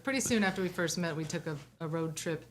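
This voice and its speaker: A woman chatting as a guest on a talk show, telling a story in an animated way. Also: fairly low pitch, fast, crowd noise. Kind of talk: casual chat.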